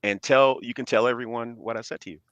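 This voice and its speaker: A man in his forties talks as a podcast guest, earnest and measured, often tagging his points with "right?". His voice sits in a middle range and is recorded close and dry, with no room echo. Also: mid-range voice, steady tone, fairly bright tone, dull audio. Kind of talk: casual chat.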